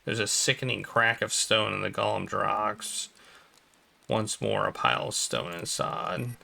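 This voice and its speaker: A man streaming a game, reading its text aloud in a flat storytelling tone and breaking off into playful asides. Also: lowish voice, measured pace, gravelly. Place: home streaming setup.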